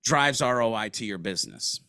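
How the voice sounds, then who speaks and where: A man's voice: on the low side, fairly quick, clear, resonant tone, no room sound, clean studio sound. A man guest in a business interview, telling stories casually with slang and acting out quoted lines. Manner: animated storyteller, casual slang, acts out quotes.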